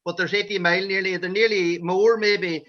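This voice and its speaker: High bright Donegal man telling stories. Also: steady tone, normal speed. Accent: Donegal Irish. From Ireland. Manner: rambling anecdotal storytelling. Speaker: men's shed member. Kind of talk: storytelling on a video call. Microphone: video call. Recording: dull lo-fi video call audio.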